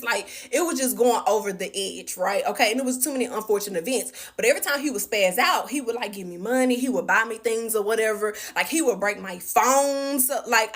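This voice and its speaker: A woman telling a personal story to her viewers in an animated, chatty way. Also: a little high. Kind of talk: casual storytime vlog.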